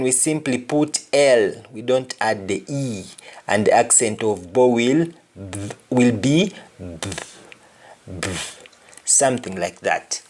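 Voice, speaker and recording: A man teaches pronunciation at a crawl, stretching out every word. He sets out each example word carefully and says it over again, in an even, middle-pitched voice. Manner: slow, deliberate, repeats each word in pairs. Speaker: language teacher. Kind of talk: pronunciation lesson.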